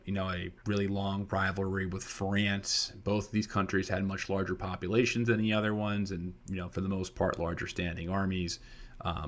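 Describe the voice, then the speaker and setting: A man's voice: sits low, fairly bright tone. A young man co-hosting a history podcast, chatting casually and drifting into rambling side stories. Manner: rambling storyteller who digresses. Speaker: podcast co-host. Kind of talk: casual chat.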